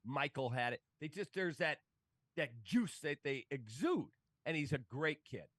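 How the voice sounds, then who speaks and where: A man's voice: on the high side, unhurried, dry recording. A man, a sports broadcaster telling stories in casual talk and acting out the voices of the people in them. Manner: animated, acts out quoted voices. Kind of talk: casual storytelling.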